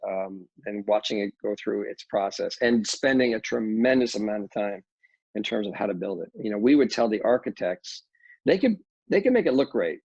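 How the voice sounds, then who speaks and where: A man's voice: fairly low pitch, darkish tone, slightly rough, no echo. A middle-aged man, a real estate developer, talking casually in an interview with many restarts and fillers. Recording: dull lo-fi dry audio.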